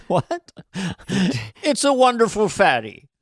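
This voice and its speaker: High, lively man teasing his co-host. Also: slow pace, no echo, clean studio sound. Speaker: podcast co-host. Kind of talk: casual chat.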